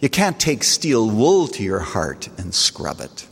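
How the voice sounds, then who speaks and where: A man preaching a sermon as pastor, speaking earnestly and letting his voice swell on key phrases, then drop low and soft. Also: huge pitch swings, takes it slowly, creaky, husky, long reverb tail.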